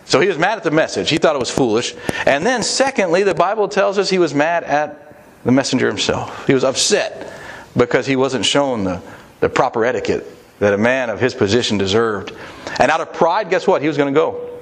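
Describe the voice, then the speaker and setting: A man's voice: mid-range voice, animated, brisk. A man preaching a sermon to fathers, earnest and plain-spoken, acting out quoted prayers as he teaches.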